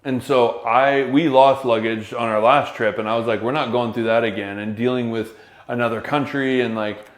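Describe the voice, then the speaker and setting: Male podcast co-host, lively casual storyteller, average pitch, echoey room sound. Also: normal speed. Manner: animated, acts out quotes. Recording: roomy echo.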